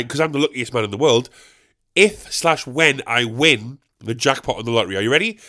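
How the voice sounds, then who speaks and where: A young man hosting a solo comedy podcast, goofy and animated, swearing freely as he rambles. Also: mid-range voice. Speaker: podcast host.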